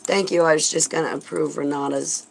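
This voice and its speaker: A woman's voice: low voice, fairly even intonation, brisk, gravelly, poor audio. A woman vlogger delivering a heated, sarcastic religious rant, indignant and swearing when angry.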